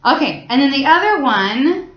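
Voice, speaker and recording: In a high school classroom, a French teacher with a high, very animated voice gives a lesson at a moderate pace. She explains casually, with many fillers and restarts, and the recording is echoey and dull-sounding.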